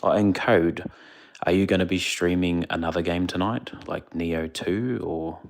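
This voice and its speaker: Hushed, deep, gravelly man. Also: fairly even intonation, unhurried. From India. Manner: speaking quietly, hushed. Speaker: streamer. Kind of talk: casual livestream chat. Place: indoors away from home, others asleep. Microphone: phone.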